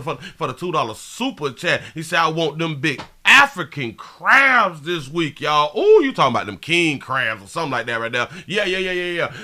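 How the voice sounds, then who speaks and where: A male live-stream host with a high, ringing voice and a piercing brightness. He talks in an excitable, slangy way, reading out viewers' greetings and repeating his catchphrases over and over. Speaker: livestream show host. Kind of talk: live stream commentary and chat shout-outs.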